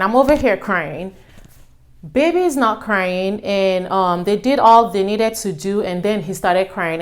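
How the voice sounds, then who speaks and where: A young adult woman casually telling her own story to her viewers, acting out what people said with a raised voice. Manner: animated, acts out quotes with raised pitch.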